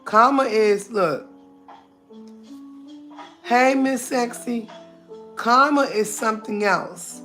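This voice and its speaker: A woman's voice: on the high side, slow, pauses often, a bit bright, faint music behind. A middle-aged woman hosting a casual livestream, talking bluntly, greeting viewers by name and laughing often. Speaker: livestream host.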